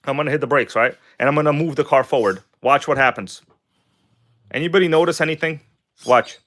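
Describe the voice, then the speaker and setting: Excitable man hosting a livestream, higher voice. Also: a little fast. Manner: excitable, chatty, greets viewers and reads chat aloud. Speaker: RC car livestream host. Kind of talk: casual live-stream chat.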